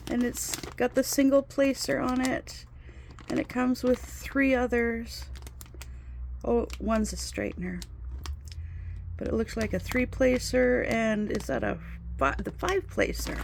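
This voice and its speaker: A woman unboxes craft kits, speaking slowly and with excitement, often gasping at what she finds. Her voice sits a little high. She holds the camera close in her trailer home, and faint background noise runs under her talk. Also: vocal fry. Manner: excited, gasping and gushing over each item. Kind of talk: casual unboxing chat. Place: inside her fifth-wheel trailer home.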